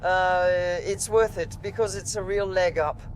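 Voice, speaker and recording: A woman's voice: medium pitch, steady tone, measured pace, slight background noise, low-quality recording. A woman, an automotive TV journalist, chatting casually from inside a car and explaining things with many asides. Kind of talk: casual conversation.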